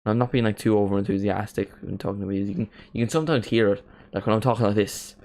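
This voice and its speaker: A man's voice: lowish voice, quick pace, darkish tone. Chatty man with a mild Northern Irish accent. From Northern Ireland. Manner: casual, chatty, swears freely. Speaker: watchalong host. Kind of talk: live football watchalong commentary.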